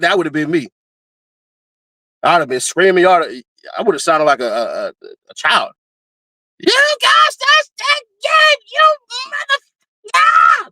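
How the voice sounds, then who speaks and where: Man, casual commentary host, animated, laughs a lot, fairly high voice, dry close sound. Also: dry recording. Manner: animated, laughs often, breaks into high-pitched screaming bits.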